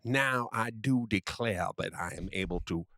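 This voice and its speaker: A man putting on a pompous, verbose Southern gentleman with a put-on Southern accent, drawing his words out. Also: lowish voice, dry recording. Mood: grandiloquent. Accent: American Southern, put on. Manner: flowery, drawn-out, overly formal. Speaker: podcast co-host.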